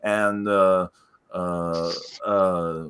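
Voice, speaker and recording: A man's voice: low voice, level tone, extremely slow, a bit bright, clean tone. A man hosting a wrestling podcast in casual chat, rambling with many restarts. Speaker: podcast host.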